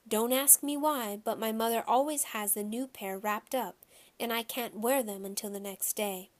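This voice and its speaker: A woman reading a children's novel aloud in a steady storytelling voice. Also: fairly high pitch, normal speed. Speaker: audiobook reader.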